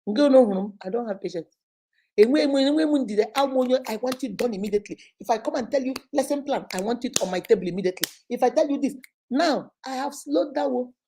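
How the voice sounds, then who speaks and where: A middle-aged Nigerian woman, a teacher and host, giving an animated, preachy motivational talk sprinkled with Igbo phrases. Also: sits high, a little fast, breathy edge.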